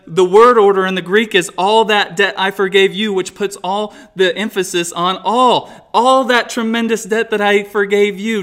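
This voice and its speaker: A man's voice: high voice, fairly bright tone. A man preaching an expository sermon, earnest and emphatic, asking rhetorical questions as he works through a text verse by verse. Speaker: pastor.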